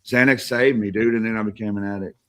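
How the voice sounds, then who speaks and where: A man's voice: lowish voice, fairly even intonation, fast, fairly bright tone. A man telling rambling war stories on a podcast, swearing constantly and laughing as he talks. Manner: profane, rambling, laughs often. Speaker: podcast guest. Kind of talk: casual storytelling.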